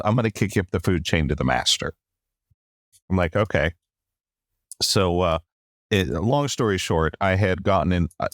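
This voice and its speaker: A middle-aged man in a podcast interview, telling a long personal story with lively acted-out quotes and a habit of saying "long story short". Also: low voice, dry recording, studio quality. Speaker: podcast guest.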